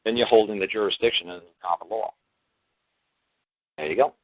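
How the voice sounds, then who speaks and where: A man with a husky, slightly breathy voice talks in a folksy, emphatic way, often slipping into the voices of the people he quotes. His voice comes through a thin, phone-like line. The sound is dry, with no room around it. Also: lowish voice, a little fast, no echo. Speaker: talk show guest. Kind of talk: radio talk show monologue.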